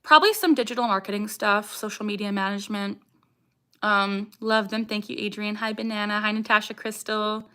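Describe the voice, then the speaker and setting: A young Canadian woman hosts a casual livestream, chatting with viewers and reading their comments aloud as vocal tics break into her speech. Her mid-range voice is steady, fairly quick, a bit bright and smooth.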